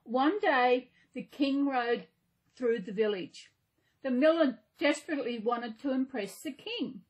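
A woman host reading a fairy tale aloud in a gentle, unhurried way, with small slips now and then. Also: high-pitched. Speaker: channel host reading a story.

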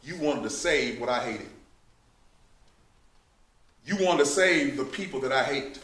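A man's voice: medium pitch, expressive, a little slow, a bit bright. A man preaching a sermon, who builds to emphatic outbursts and addresses the listeners as saints. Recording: echoey room, mic at a distance.

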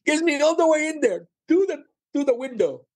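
A man, a comedian and former cruise director, telling stories in a casual interview, animated and laughing often. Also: very high-pitched, fairly quick.

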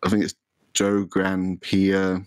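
A man's voice: sits low, completely flat delivery, slow, smooth, no room sound, low-quality recording. A young man chatting as a podcast guest about streaming, rambling with many fillers and restarts. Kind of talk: casual chat.

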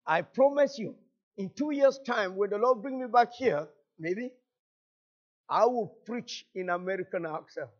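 A man from Cameroon with a Cameroonian French accent, whose first language is French, preaching a fervent sermon as a guest pastor, repeating phrases and rising to shouts. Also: high voice, measured pace, muffled recording.

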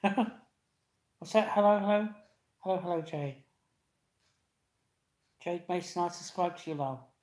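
A man's voice: high-pitched, unhurried, pauses often. Chatty man, echoey room. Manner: chatty, laughing, greets viewers loudly. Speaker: live stream host. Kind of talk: casual live-stream chat with viewers.

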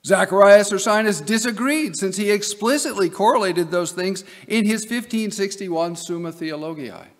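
Male professor from Nebraska, high gravelly voice, lecturing emphatically in a hall with long reverb. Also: moderate pace, few pauses. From Nebraska, USA. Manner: emphatic, with wry asides. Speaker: seminary professor giving a lecture. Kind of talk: academic lecture.

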